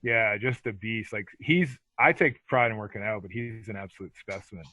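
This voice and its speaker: A man telling stories as a podcast guest in a casual interview, animated and swearing freely. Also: lowish voice, normal speed, no room sound.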